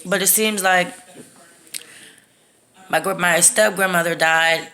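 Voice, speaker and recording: In a slow, steady, lowish voice with a sharp edge, a woman from Texas recounts a personal story to her phone. It's a casual storytime vlog, candid, profane and rambling.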